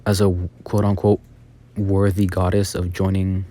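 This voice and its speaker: A man's voice: sits low, monotone, measured pace, mellow. A man improvising a casual fan story, rambling with many fillers and restarts.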